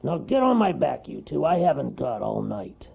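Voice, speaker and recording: A man voicing a big grumpy male bear in a storybook, speaking slowly with a growl. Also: medium pitch, very animated, vocal fry, husky, voice pushed up, full character voice. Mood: gruff. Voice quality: growling, snarling. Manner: slow, curt. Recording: lo-fi recording.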